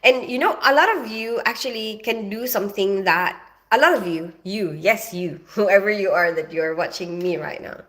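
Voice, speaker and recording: A woman's voice: medium pitch, normal speed, fairly bright tone. Chatty middle-aged woman live-streaming. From half Filipino, half British. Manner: chatty, rambling, reads viewer comments aloud. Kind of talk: casual live-stream chat.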